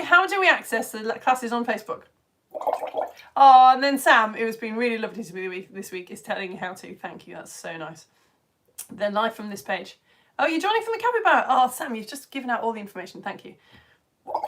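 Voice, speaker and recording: A chatty British woman runs a live online science lesson for home-educated kids, greeting viewers and reading their chat messages aloud. Her voice sits fairly high and swoops all over the place with animated, enthusiastic energy, and she laughs readily. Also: brisk. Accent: British English. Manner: bubbly, chatty, laughs often.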